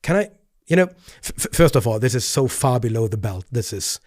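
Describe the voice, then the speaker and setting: Earnest pastor, dry close sound. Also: male voice, medium pitch, very animated, a little fast, a little mellow, no echo. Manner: earnest, stammering restarts, rising when indignant. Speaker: pastor and host. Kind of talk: video commentary responding to clips.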